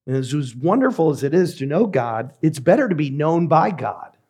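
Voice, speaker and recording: Measured, emphatic male preacher. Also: on the high side, sing-song, darkish tone, breathy edge. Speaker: pastor. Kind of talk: sermon.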